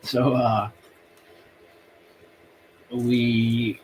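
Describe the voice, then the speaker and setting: A man hosting a live stream from home, telling a long story in a rambling, halting way and circling back. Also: medium pitch, flat delivery, darkish tone, slight background noise.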